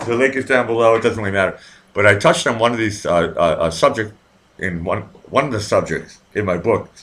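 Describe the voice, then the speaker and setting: A man's voice: lowish voice, fairly bright tone. A man hosting a live show, telling a story in a rambling, profane, casual way with many restarts.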